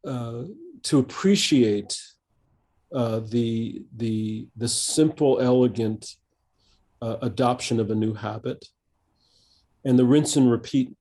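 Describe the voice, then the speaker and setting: A man in his fifties, a coach being interviewed on a podcast, speaking thoughtfully and haltingly with many restarts and fillers. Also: medium pitch, mellow. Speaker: executive coach, guest.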